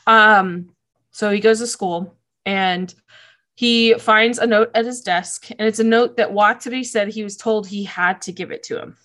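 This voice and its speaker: A woman's voice: medium pitch, fairly even intonation, measured pace, fairly bright tone. Gushing woman recapping a show. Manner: emotional, gushing, laughs often, many likes. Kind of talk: casual episode recap.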